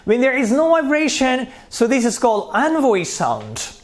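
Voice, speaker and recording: A man's voice: very high voice, huge pitch swings, normal speed. A man teaching pronunciation, repeating terms and sounding out consonants one by one. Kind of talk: slow spoken lesson.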